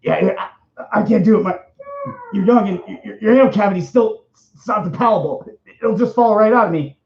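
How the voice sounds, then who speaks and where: A man voicing a gruff, reckless old male scientist with a gravelly, rambling voice. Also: high-pitched, a little fast, muffled recording, voice pushed up.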